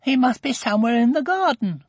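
A man voicing an earnest, bossy young girl in a storybook read-aloud, in a high, eager voice. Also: expressive, brisk, slightly rough, no room sound, exaggerated voice. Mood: anxious.

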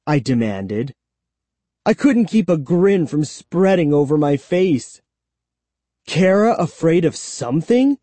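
Slow dry storybook reading, mellow voice, lots of pitch movement. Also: dry recording. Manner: slow, measured, lively storytelling. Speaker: audiobook narrator. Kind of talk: first-person storybook narration.

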